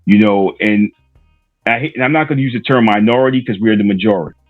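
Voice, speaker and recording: A man's voice: fairly low pitch, fast talker, no room sound, narrow, tinny audio, faint music behind. A middle-aged man from Rhode Island, a podcaster guest telling stories casually and loosely, with many fillers and restarts. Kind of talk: casual interview storytelling.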